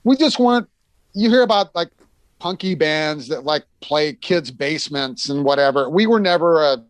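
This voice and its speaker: A man's voice: a little high, lively intonation, normal speed, no room sound. A middle-aged American man telling rambling tour stories in a casual chat, full of fillers and restarts, sometimes acting out the people he quotes.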